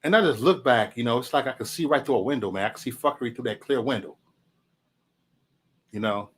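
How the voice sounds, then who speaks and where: A man's voice: medium pitch, a little fast, slight background noise. A man hosting a casual livestream chat, rambling loosely, swearing, often saying "man" and chuckling between remarks. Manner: loose rambling talk, profanity, frequent "man". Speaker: livestream host.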